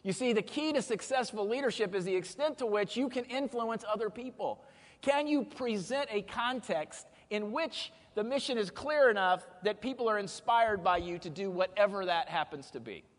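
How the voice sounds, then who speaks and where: A man giving a motivational keynote speech, energetic and humorous, leading the audience through exercises from the stage. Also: high voice, normal speed. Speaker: keynote speaker. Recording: long hall reverb.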